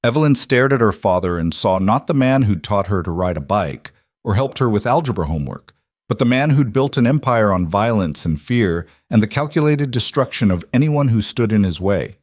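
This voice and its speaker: A man reading a mafia drama as scripted narration, measured and even. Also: lowish voice, no room sound, studio quality.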